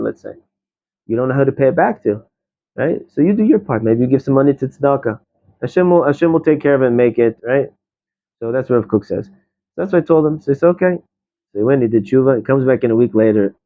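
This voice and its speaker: A man's voice: mid-range voice, expressive, fast talker. A man teaching an informal Torah class, chatty and digressive, telling stories with many restarts. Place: study hall classroom. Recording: tinny phone-like live stream audio.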